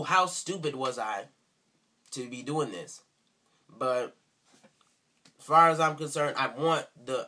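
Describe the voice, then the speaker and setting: A man's voice: fairly high pitch, bright, forceful tone. A man speaking in an indignant, sarcastic rant for a response video, repeating himself for emphasis. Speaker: video commentator.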